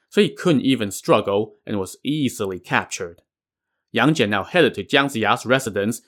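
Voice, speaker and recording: A man's voice: medium pitch, fairly bright tone. A man narrating a classic tale with wry, conversational asides. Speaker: storyteller. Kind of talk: storytelling narration.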